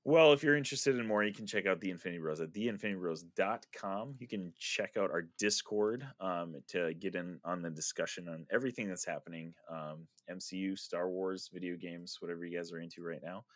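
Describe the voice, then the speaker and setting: A man's voice: sits low, a little fast, few pauses, no echo, studio quality. A man hosting a casual podcast chat, upbeat as he wraps up with sign-off plugs. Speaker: podcast host.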